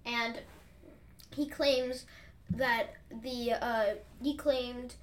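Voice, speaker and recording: A woman's voice: fairly high pitch, steady tone, extremely slow. A young woman co-hosting a casual podcast, retelling a myth in a rambling, giggly way. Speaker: podcast co-host. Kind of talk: casual chat retelling myths.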